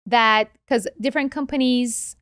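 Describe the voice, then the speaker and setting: A woman guest with a non-native English accent, explaining investing in a casual interview with animated, quick asides. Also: on the high side, clear, resonant tone, dry recording, clean studio sound.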